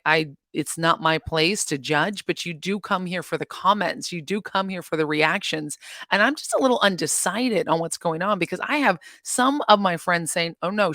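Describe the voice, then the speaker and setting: In a dry, close recording, a woman with a fairly low, slightly bright voice hosts a relaxed reaction vlog about the news. She chats on at length, wandering between points and laughing a lot.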